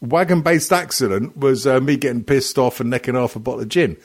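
A man's voice: mid-range voice, a little fast. A man hosting a crude comedy podcast, rambling, teasing his guests and swearing a lot. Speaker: podcast host.

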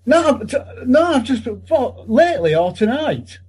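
A man on a podcast call, swearing constantly in loud, boisterous banter. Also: very high-pitched, big pitch swings, a little slow, breathy edge. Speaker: podcast guest. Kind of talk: casual chat.

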